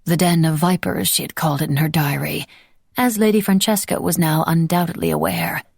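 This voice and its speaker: Low, gravelly woman narrating a romance. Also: fairly even intonation, fairly quick, darkish tone, dry recording, studio quality. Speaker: audiobook narrator. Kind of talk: scripted audiobook narration.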